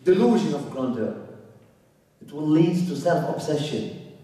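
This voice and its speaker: Guy preaching slow in a big echoey hall, mic kinda far, lots of repeating himself. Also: on the high side, animated. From Canada. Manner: emphatic, repeats phrases, swings from loud to hushed. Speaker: religious lecturer. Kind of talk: spiritual lecture. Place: lecture hall.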